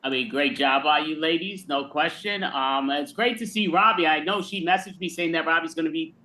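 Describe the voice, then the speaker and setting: A man's voice: a little high, a little fast, sharp tone. Friendly rambling male show host. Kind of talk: casual online show chat.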